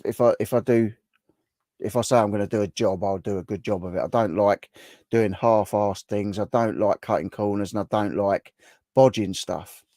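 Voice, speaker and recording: This livestream host is a middle-aged man whose low-leaning, slightly mellow voice comes through clean and echo-free, like a studio recording. He rambles chattily through viewer comments, restarting his sentences often.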